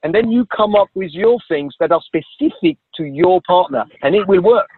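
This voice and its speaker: A man's voice: high voice, expressive, normal speed, husky, no echo. A man guest giving earnest advice in casual chat, repeating words as he thinks. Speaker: podcast guest. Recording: tinny phone line with faint hiss.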